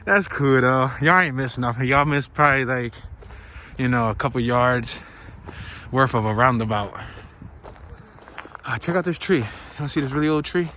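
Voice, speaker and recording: A man casually narrating his hike on a wooded marsh trail outdoors, playful and excitable, whooping and laughing as he walks. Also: mid-range voice, a little hiss or hum. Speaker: vlogger narrating a hiking walk. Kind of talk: casual walk-and-talk narration.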